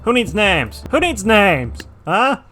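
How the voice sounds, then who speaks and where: Reserved male gameplay commentator, bright voice, swings from dry asides to excited yelling, light music behind. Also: high-pitched, slow pace. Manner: dry, self-described reserved, bursts into excited yelling at battles; talks to his game units by name.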